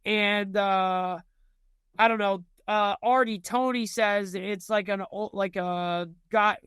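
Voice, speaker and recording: A man's voice: high voice, fairly even intonation, slow pace, a bit bright, clear, resonant tone, no echo. A young man telling ghost stories in casual chat, rambling with lots of fillers and restarts. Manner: rambling, filler-heavy storytelling.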